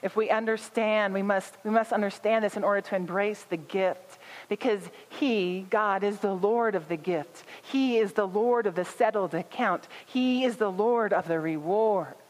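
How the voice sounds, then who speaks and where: A woman's voice: medium pitch, normal speed. Woman pastor preaching in a reverberant hall. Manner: earnest, building repetition for emphasis. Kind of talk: sermon.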